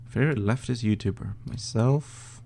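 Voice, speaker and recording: A young man from northern Sweden with a Swedish accent, casually reading out and answering chat questions on a live stream, with many fillers and pauses. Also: mid-range voice, vocal fry, darkish tone, slight background noise. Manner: laid-back, reads chat questions aloud, hesitant with fillers.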